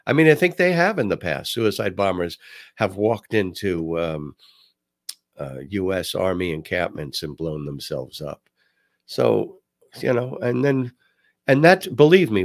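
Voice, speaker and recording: Talk host, male, lively ups and downs in pitch, dry close sound, chatty commentary. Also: vocal fry, dry recording. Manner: animated, swooping inflection, frequent restarts. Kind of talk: political commentary chat.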